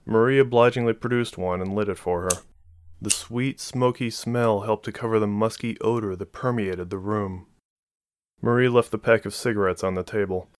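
A man narrating a novel as an audiobook in a steady, even storytelling voice. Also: lowish voice, moderate pace, clean tone.

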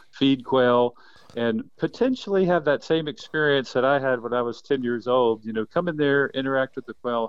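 A man in his fifties, a quail biologist, telling animated stories in a casual interview with plenty of laughs. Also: medium pitch, smooth, no echo, highs cut off. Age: 50s. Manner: enthusiastic, animated storyteller who laughs often.

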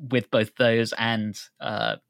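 A man co-hosting a music podcast, chatting in a relaxed way with dry humor. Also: mid-range voice, slow, creaky, dry recording. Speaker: podcast co-host. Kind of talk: casual chat.

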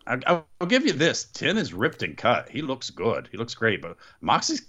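Animated man recapping with a lively voice. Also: medium pitch, moderate pace, lo-fi sound. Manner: animated, jokey, puts on voices when quoting. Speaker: podcast co-host recapping wrestling. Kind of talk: casual chat. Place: studio.

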